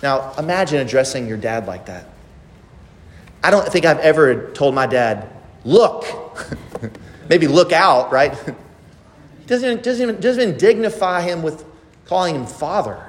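A man's voice: on the high side, big pitch swings, normal speed, pauses often, big-room sound. A man preaching a sermon who presses the listeners with pointed rhetorical questions. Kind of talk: expository sermon.

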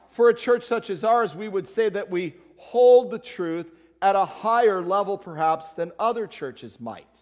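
A man with a notably high voice preaches a sermon to his congregation. He keeps it conversational, teasing and calling out people in the pews. His words ring out with a long reverb in the church sanctuary. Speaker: pastor.

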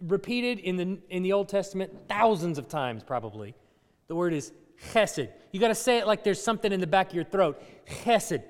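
A man preaching a sermon as pastor, in a conversational way, playfully coaching his congregation. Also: sits high. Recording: long hall reverb.

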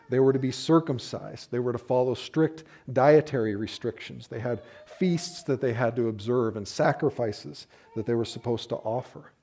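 A man's voice: mid-range voice, warm tone. A man, a pastor, preaching a sermon in a conversational way with playful asides. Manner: conversational, uses playful asides and acted-out quotes.

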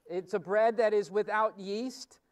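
A male pastor delivers a sermon in a loose, conversational teaching style, restarting phrases and filling pauses as he goes. His voice sits high and comes through smooth and resonant. He stands some distance from the microphone. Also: steady tone.

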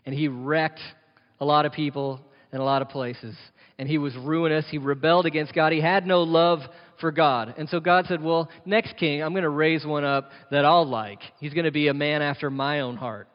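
Male pastor, fairly high voice, sermon delivery with rhetorical questions, dull recording with long hall reverb. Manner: rhetorical questions, emphatic repetition.

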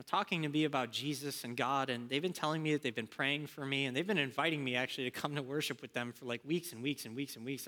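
A man preaching a sermon as a campus minister, telling a story and acting out the dialogue in an animated way. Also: mid-range voice, in a large hall.

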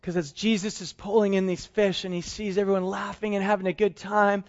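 A middle-aged man preaching a sermon, telling a story in a lively way and acting out the dialogue. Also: high-pitched, brisk, dull audio. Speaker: pastor.

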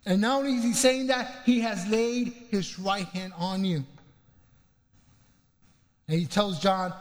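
A man's voice: sits high, steady tone. A man preaching a sermon, reading scripture with fervour and stretching out key phrases. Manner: fervent, slows and swells on scripture lines. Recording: long hall reverb.

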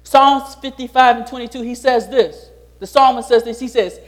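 A man's voice: very high-pitched, moderate pace. A pastor preaching a sermon, repeating his key lines and putting rhetorical questions to the congregation.

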